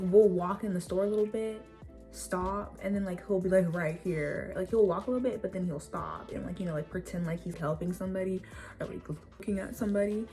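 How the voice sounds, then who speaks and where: A young woman vlogger telling a story casually, animated and rambling with lots of fillers and swearing. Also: mid-range voice.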